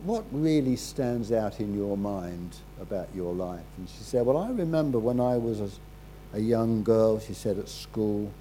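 A man preaching a sermon, telling a story in a halting way, repeating words and dropping quiet at solemn moments. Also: on the low side, expressive, a little hiss or hum, poor audio.

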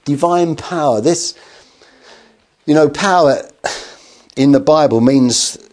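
A man's voice: fairly high pitch, slow pace. Man preaching a storytelling sermon. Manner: storytelling, animated acted quotes, rhetorical questions.

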